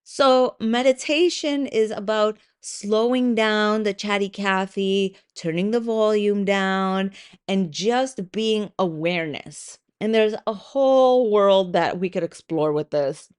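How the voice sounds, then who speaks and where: A woman's voice: medium pitch, slow pace, a little mellow, clean tone. A woman hosts her own podcast in a loose, conversational way. She tells a story with plenty of "like" and "um," swears now and then, and slips into little voiced asides. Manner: conversational, with frequent likes and ums. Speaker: podcast host and coach. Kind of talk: casual solo podcast talk.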